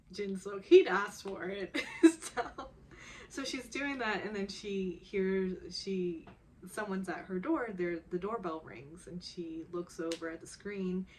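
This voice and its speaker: Slow-talking emotional young woman. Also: mid-range voice, slight background noise. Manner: emotional, giggly, acts out quotes. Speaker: drama recap vlogger. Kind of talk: casual recap monologue.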